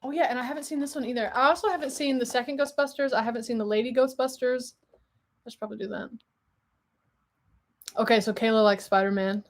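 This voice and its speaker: Excitable high-voiced woman streamer. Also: fast, pauses often. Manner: excitable, exclamatory, chatty. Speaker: livestream host. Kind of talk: casual livestream chat.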